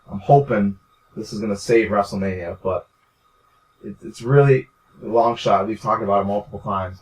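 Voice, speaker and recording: A young man co-hosting a casual podcast in a laid-back, agreeable way. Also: lowish voice. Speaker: podcast co-host. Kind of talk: casual chat. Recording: distant mic.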